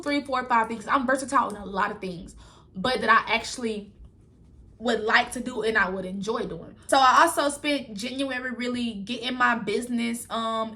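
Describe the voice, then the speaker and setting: Young woman, vlogger, candid rambling talk, casual and frank, slightly high voice, bright edge. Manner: rambling, frank and colloquial, addresses viewers as y'all. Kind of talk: candid personal storytelling to camera.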